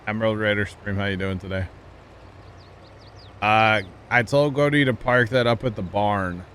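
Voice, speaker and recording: A laid-back man chats through a live gameplay stream, talking easily to his viewers and fellow players. His voice sits fairly low. A faint hiss runs underneath. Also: normal speed, a bit bright. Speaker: livestreamer.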